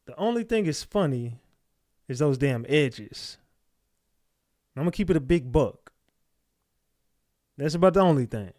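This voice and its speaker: A man's voice: on the high side, very animated, measured pace, long pauses, a little mellow, dry recording, studio quality. A man hosting a livestream, reading chat comments aloud and snapping back at viewers in blunt, profane casual talk. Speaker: livestream host.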